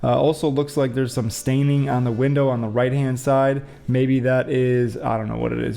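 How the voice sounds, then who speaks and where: A man's voice: medium pitch, creaky, darkish tone. A man hosting a casual show, rambling and thinking aloud with joking asides as he reads out headlines. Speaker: show host. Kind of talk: casual commentary on window views and news.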